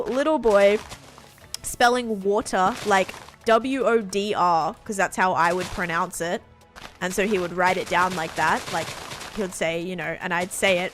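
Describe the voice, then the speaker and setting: A woman's voice: mid-range voice, moderate pace, a bit bright, faint music behind. A woman in her twenties from Australia with an Australian accent, chatting casually with her viewers while playing a game. She rambles, uses many fillers and laughs often. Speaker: live streamer. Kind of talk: casual chat while gaming.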